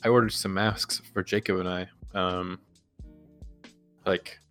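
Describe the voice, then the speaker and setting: A man with a fairly low voice chats casually as a podcast co-host. He rambles through stories and laughs often along the way. Faint music sits behind him. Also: level tone, unhurried, a bit bright. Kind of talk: casual chat.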